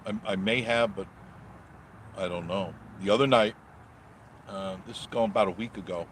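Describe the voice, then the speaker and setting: On the road in his car, a man live-streams, chatting loosely with viewers and reading their comments with plenty of jokes and rambling. His voice is on the low side and fairly bright, at a normal speed, with slight background noise.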